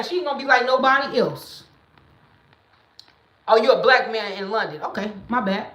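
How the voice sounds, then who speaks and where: A woman hosting a livestream, talking straight into her phone or webcam. She is blunt and emphatic and now and then rises into loud, preaching bursts. Her voice sits a little high and rings in a roomy, echoing space. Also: lively intonation, moderate pace. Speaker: livestream host. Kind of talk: casual livestream talk.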